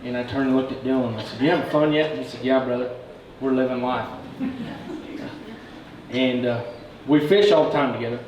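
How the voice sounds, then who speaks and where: A man making a best man's toast, cracking jokes and stumbling through "ums" as he tries not to cry. He sounds far from the mic in a strongly echoing room, with clear noise behind him. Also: mid-range voice, steady tone, darkish tone. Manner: joking, halting, fighting back tears. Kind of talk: emotional wedding speech. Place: wedding reception room. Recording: very echoey room, distant mic, noisy.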